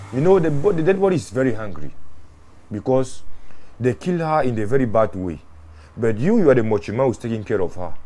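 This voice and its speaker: A man, a mortuary worker telling his experiences in an interview, earnest and animated, often repeating words and restarting phrases. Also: lowish voice. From Ghana. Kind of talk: interview storytelling.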